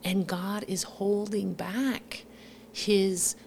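A woman from the United States speaking earnestly and reflectively in a faith conversation, measured with some hesitations. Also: medium pitch, fairly even intonation, vocal fry, darkish tone, slight background noise.

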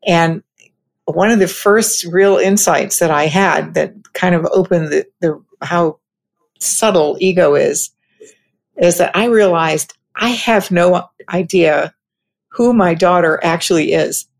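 Woman co-host with a lowish, fry-heavy voice, reflective and personal in tone. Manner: thoughtful, personal storytelling with pauses. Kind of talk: casual reflective conversation.

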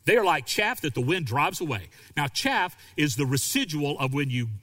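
A male pastor preaching a sermon, animated and acting out quoted voices. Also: a little high, moderate pace, long reverb tail.

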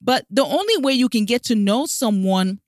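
A woman's voice: on the high side, expressive, moderate pace, no echo, studio quality. A woman coaching her listeners with emphatic advice, asking rhetorical questions and speaking with a smile in her voice. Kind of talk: direct-to-camera advice talk.

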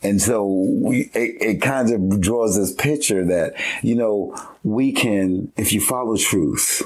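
A man teaching a conversational Bible study, acting out the scenes in lively casual talk. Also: on the low side, slow pace. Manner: animated, plays out scenes in casual slang.

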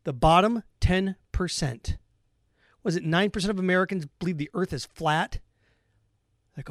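A man's voice: high-pitched, normal speed, pauses often, dry recording, studio quality. A man hosting sports radio, ranting with heated sarcasm and hammering repetition. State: angry. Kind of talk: angry monologue rant.

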